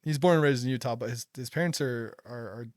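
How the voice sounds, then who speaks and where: A man's voice: mid-range voice, fast, dry recording, clean studio sound. A young man hosting a casual chat, telling stories with frequent laughter. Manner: laughs a lot, excitable storytelling. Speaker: podcast host.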